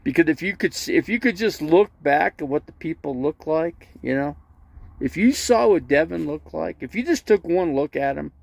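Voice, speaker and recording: A man's voice: fairly high pitch, expressive, moderate pace, gravelly, dry recording. A man telling rambling, funny stories in a casual livestream, often laughing, stammering and restarting his sentences. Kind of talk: casual storytelling.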